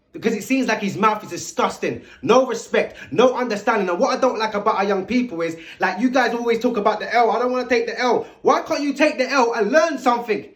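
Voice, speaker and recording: A man with a very high voice delivers a vlog commentary monologue. He lectures emphatically, throwing rhetorical questions straight at the listener. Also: a bit bright. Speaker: commentary video host.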